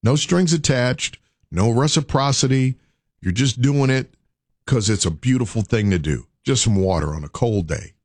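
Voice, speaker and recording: Urging radio host man, lively pitch. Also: moderate pace, dry recording, studio quality. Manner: urging, preacher-like repetition. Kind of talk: morning radio talk.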